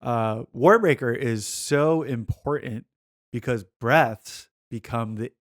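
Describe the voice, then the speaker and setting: A man with a slow, mid-range voice co-hosts a podcast. In casual chat, he tells rambling stories packed with fillers and mimicked quotes as asides.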